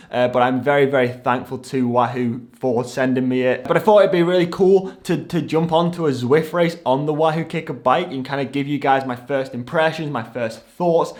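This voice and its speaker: A young man narrating a casual vlog and commentating on a race, chatty and self-deprecating, with rambling asides. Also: on the high side. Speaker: cycling YouTuber.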